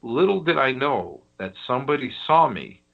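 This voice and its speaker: A man's voice: medium pitch, sing-song, normal speed, creaky. A man from Western New York, a guest telling a funny story on a podcast, laughing as he goes. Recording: dull lo-fi audio.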